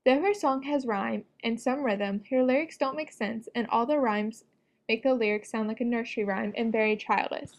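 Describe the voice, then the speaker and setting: A woman reading a prepared script, presenting an educational narration in an even, explanatory way. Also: fairly high pitch, normal speed.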